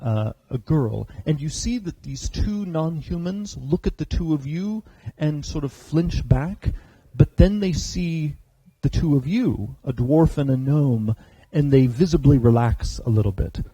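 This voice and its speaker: Dark, husky, slow-paced game master. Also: male voice, fairly high pitch, animated, dry recording, rough recording. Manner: hesitant, with many filler sounds. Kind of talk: narrating a tabletop game. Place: convention stage.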